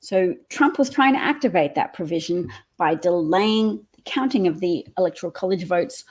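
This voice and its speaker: A woman's voice: fairly low pitch, lively intonation, moderate pace, a little mellow, breathy edge. A woman hosting a political livestream, talking casually and explaining at length with some fillers.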